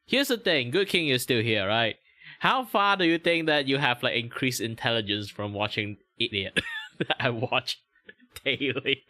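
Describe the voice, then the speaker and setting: A man's voice: mid-range voice, expressive, unhurried, pushed and bright, no room sound. A man with a Malaysian accent chatting casually on a stream, laughing often, swearing and restarting his sentences. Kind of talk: casual reaction stream chat.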